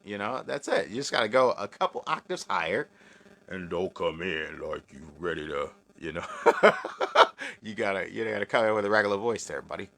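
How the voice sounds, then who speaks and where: Low-ish voiced guy with a bit of country accent, loose jokey live chat, bright edgy tone. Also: lively intonation, moderate pace, gravelly. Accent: slight American country. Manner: loose and joking, swears, laughs often. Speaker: livestream host answering chat.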